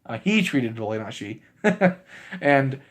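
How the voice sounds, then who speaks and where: A man casually recapping a movie for his channel, rambling with lots of fillers and breaking into laughs as he gets excited. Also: mid-range voice, slow. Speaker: movie reviewer.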